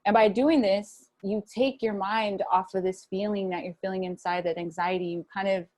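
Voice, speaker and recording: A young woman speaking casually to an online audience over a video call from a room at home, relaxed and chatty, with many fillers and restarts. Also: medium pitch, moderate pace. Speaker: guest speaker at a wellness webinar. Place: home room with a fan running.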